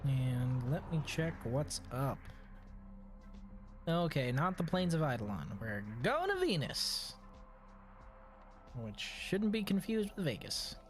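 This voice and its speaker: A man's voice: fairly high pitch, expressive, unhurried, faint music behind. A man from Texas streaming a video game, chatting casually and joking, with frequent swearing. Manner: laid-back, joking, swears often. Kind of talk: casual gaming chat.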